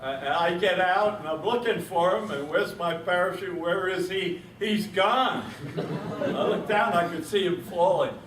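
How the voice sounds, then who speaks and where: A man's voice: high-pitched, measured pace, a bit bright. A man in his eighties, a veteran telling a war story to an audience at a reunion with a wry, chuckling manner. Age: 80s. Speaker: veteran speaker. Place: reunion event room. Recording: roomy echo, distant mic, faint noise.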